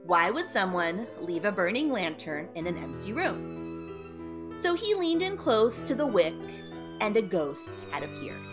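A woman's voice: mid-range voice, huge pitch swings, unhurried, over music. A woman reading a ghost story aloud in a dramatic, playful way.

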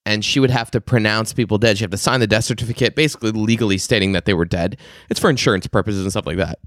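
A man co-hosting a podcast, telling a story in an animated, jokey and profane way. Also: lowish voice, fast talker, no echo, clean studio sound. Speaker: podcast co-host. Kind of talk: casual podcast chat.

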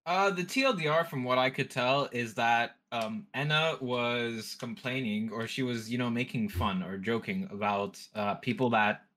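Bright-voiced male co-host. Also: medium pitch, normal speed, few pauses. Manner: explains in summaries. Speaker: podcast co-host. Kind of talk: casual podcast chat.

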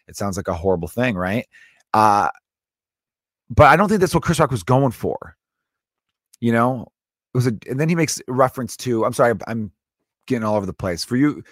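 A man's voice: mid-range voice, fairly bright tone, no room sound, clean studio sound. A man hosting a podcast, a comedian recapping a story in a rambling, profane, self-interrupting monologue. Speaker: podcast host.

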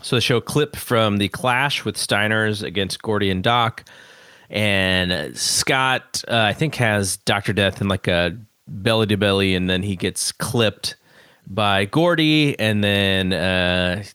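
A man's voice: lowish voice, fairly even intonation, takes it slowly, pushed and bright, clean tone, dry recording, clean studio sound. A man recapping an old wrestling episode on a podcast, hesitant and full of fillers. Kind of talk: casual episode review chat.

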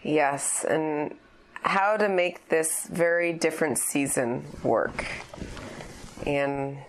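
A woman's voice: sits low, slow, a little hiss or hum. A woman co-hosting a casual podcast from her couch, with a nasal voice from being sick, laughing often as she talks. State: recovering from illness, prone to coughing. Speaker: podcast co-host. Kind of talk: casual chat. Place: living room by the fireplace, on a couch.

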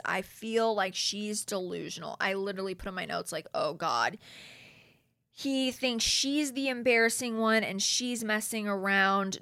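A young woman hosting a casual reality TV recap, animated and slangy as she reads from her notes. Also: medium pitch, no room sound, clean studio sound.

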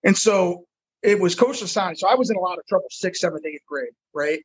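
A middle-aged man with a high voice and a husky edge speaks frankly about his past. He is a football coach telling his life story in conversation. He often repeats words as he goes. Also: expressive, brisk, low-quality recording. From United States.

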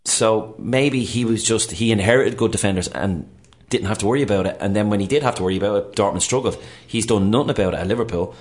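An Irish man talking sport in a relaxed radio studio chat, animated and chatty. He talks quickly, with a fairly low voice.

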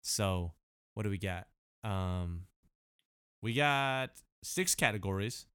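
A man co-hosting a podcast in casual, slangy chat, laid-back and quick to laugh. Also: lowish voice, lively intonation, bright, forceful tone, smooth, no echo, clean studio sound. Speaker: podcast co-host.

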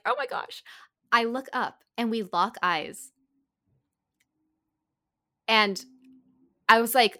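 A young woman telling a story in a bright, fairly high voice. She swings widely up and down in pitch, giggling and dropping "like" into almost every phrase in an easy chat. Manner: animated, giggly, lots of "like". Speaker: podcast co-host.

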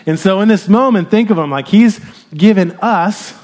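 A man in his thirties giving a sermon, explaining scripture in a relaxed, conversational way with fillers. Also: high-pitched, normal speed. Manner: light chuckles and filler sounds. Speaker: pastor.

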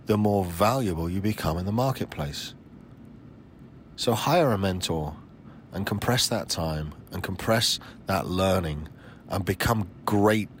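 A man's voice: sits low, a bit bright, a little hiss or hum. A man in his forties hosting a solo podcast, talking in a blunt, emphatic way with frequent swearing. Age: 40s. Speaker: podcast host.

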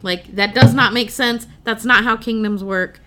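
A woman co-hosting a podcast, cutting in with quick, opinionated remarks in casual chat. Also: on the high side, fairly even intonation, bright, forceful tone. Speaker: podcast co-host.

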